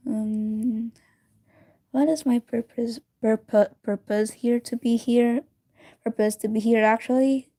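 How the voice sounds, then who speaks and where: A woman's voice: a little high, takes it slowly, pauses often, warm tone. A woman casually reading a fan story aloud, often stumbling, restarting words and giggling between lines. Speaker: reader of a story.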